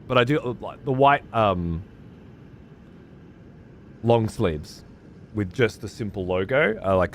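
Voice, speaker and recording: A man's voice: mid-range voice, slight background noise. A man, chatting casually on a live stream as he reads out viewer messages, laid-back and swearing freely. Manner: laid-back, swears freely, uses slang like mate and cunt. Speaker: streamer reading chat.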